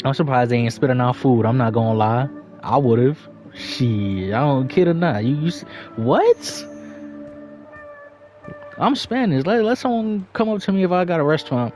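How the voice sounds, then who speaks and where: A New York livestreamer tells loose, profane stories while gaming, chuckling as he goes. His mid-range voice is a little mellow with lively intonation at normal speed, and faint music plays behind.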